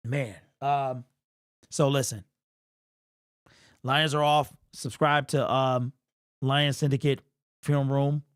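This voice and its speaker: A man's voice: medium pitch, fairly even intonation, takes it slowly, long pauses, clean tone, dry recording, clean studio sound. A young man hosting a casual livestream, rambling and slangy, emotional and sniffly. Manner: rambling, repeats and restarts, slangy. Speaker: livestream host.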